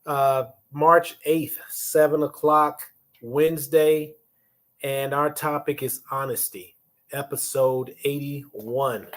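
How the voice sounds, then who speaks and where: A chatty man in his fifties with a slightly higher-pitched voice, hosting a casual livestream about leadership. He talks loosely to his viewers and greets them by name. The sound comes from a phone or webcam, likely in a hotel room. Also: flat delivery, slow pace, fairly bright tone.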